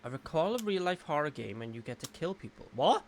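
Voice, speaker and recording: A man hosting a casual chat, asking questions in an animated, stumbling way. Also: on the high side, a little fast. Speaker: podcast host.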